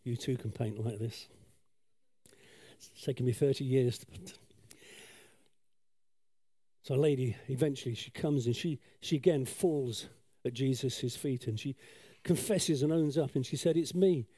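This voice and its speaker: A man's voice: mid-range voice, unhurried, long pauses, warm tone, breathy edge, dry recording. A man telling a story while painting on a sketchboard, chatty and self-deprecating, with lots of asides. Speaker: children's talk storyteller.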